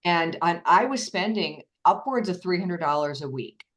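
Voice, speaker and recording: A woman with a fairly low speaking voice talks through her story in a loose, conversational way. She is chatty and laughs at herself, and she often restarts her sentences. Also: animated, moderate pace, fairly bright tone. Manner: chatty, self-deprecating, acts out quotes. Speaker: guest sharing testimonial. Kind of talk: casual chat.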